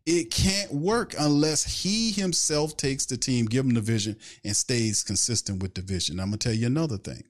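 A man's voice: mid-range voice, moderate pace, few pauses. A man hosting a sports fan podcast, ranting in casual commentary with a stream of rhetorical questions and reading out viewer questions. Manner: takes viewer questions from chat.

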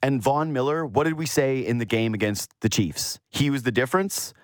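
A man's voice: moderate pace, no echo, clean studio sound. A man hosting a sports show, talking casually and animatedly, rambling through his thoughts. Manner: animated, rambling, mimics quotes in a higher voice. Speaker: sports radio host.

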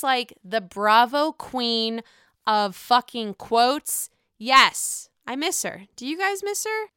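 A woman's voice: high voice, pushed and bright, clean tone, no room sound, clean studio sound. A woman hosting a casual, gossipy recap of reality TV episodes, talking straight to her viewers and swearing freely. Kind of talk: casual chat.

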